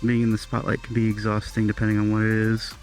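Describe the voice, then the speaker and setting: Soft-spoken low-voiced man, hesitant. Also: completely flat delivery, quick pace, soft background music. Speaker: guest. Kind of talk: casual chat.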